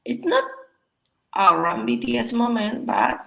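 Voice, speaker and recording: A woman's voice: fairly high pitch, sing-song, measured pace, vocal fry, bright, forceful tone, low-quality recording. A woman whose first language is Spanish, co-hosting a casual chat and switching between languages with some hesitation. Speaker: co-host.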